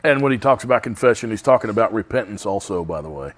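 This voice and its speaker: A man's voice: on the low side, lively intonation, fast. A man teaching a Bible study, reading scripture aloud with emphasis.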